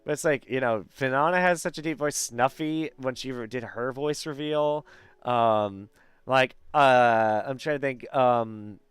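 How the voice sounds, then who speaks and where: A man's voice: mid-range voice, measured pace, clear, resonant tone, dry recording. A man hosting a casual chat show, talking chattily with many fillers and frequent laughs. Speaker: host.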